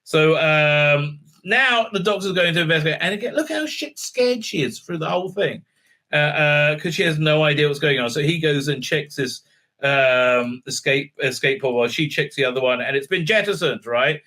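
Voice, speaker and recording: A man's voice: on the high side, normal speed, pushed and bright. A man giving a casual, mocking review commentary, full of filler words and restarts. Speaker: TV show reviewer.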